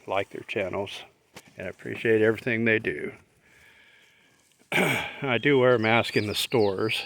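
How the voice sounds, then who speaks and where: A man's voice: fairly low pitch, vocal fry, fairly bright tone. A middle-aged man rambling in a casual vlog while out walking his dog, opinionated and plain-spoken. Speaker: vlogger.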